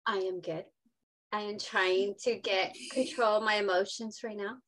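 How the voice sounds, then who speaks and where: A woman's voice: medium pitch, normal speed. A woman in her thirties, a podcast guest who talks earnestly and with a lot of feeling. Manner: emotional, earnest, expressive. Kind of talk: casual interview chat.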